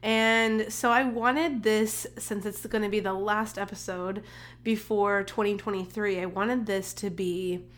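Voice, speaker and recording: A woman's voice: mid-range voice, steady tone, a little slow, a bit bright. A young adult woman hosting her own podcast, giving an upbeat, encouraging pep talk in a casual, chatty way, a little congested. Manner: upbeat, encouraging, chatty with many fillers and restarts. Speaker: podcast host, holistic nutritionist.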